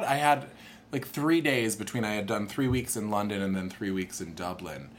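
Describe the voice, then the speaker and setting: A young man telling a long personal story in casual chat, animated and jumping into higher voices when he quotes people. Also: moderate pace, a little hiss or hum.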